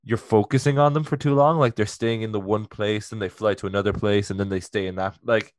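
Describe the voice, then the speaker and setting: A man co-hosting a podcast, chatting casually and excitedly about a TV episode, joking a lot and saying "like" often. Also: lowish voice, brisk, no echo, studio quality. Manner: excitable and jokey, with many "like" fillers. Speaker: podcast co-host. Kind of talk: casual chat reviewing a TV episode.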